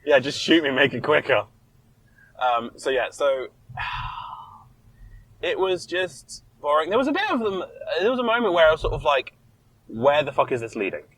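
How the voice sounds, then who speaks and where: A man co-hosting a casual podcast chat, animated and sweary, acting out quotes in mocking voices. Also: on the high side, unhurried, pauses often, no echo, rough recording. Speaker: podcast co-host.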